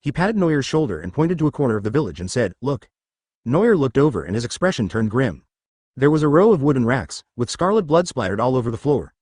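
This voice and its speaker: A man reading a story aloud in scripted audiobook narration, keeping one even voice even for the quoted speech. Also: mid-range voice, quick pace, slightly rough, dry recording, studio quality. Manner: even reading of every line, quoted speech read in the same voice.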